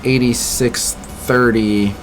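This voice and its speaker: A man's voice: medium pitch, steady tone, slow, soft background music. A man streaming a mobile game, chatting casually and critiquing what he sees while answering viewers. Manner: chatty, mildly critical, reacts to viewer chat. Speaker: gaming streamer. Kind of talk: casual gameplay commentary.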